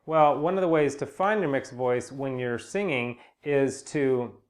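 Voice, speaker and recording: Relaxed man teaching singing. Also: medium pitch, unhurried. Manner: relaxed, rambling, many fillers and restarts. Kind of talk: casual spoken vocal lesson with sung demonstrations.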